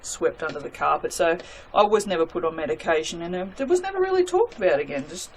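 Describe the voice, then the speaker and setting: A woman's voice: on the low side, very animated, fast, a little hiss or hum. A woman chatting casually to her viewers while making soap, self-mocking and talking to herself as she works. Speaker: soap maker.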